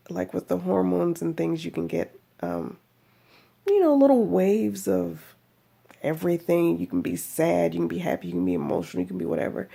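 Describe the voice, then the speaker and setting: A woman's voice: lowish voice, gravelly, mellow, husky. A woman giving a chatty, rambling personal video update, laughing often as she talks. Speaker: vlogger.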